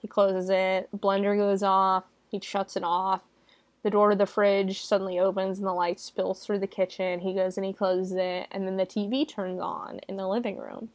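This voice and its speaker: A woman's voice: normal speed, no room sound. Chatty young woman recapping a movie. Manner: chatty and animated, swears, jumps up high for mock quotes. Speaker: movie reviewer. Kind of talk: casual spoken movie recap.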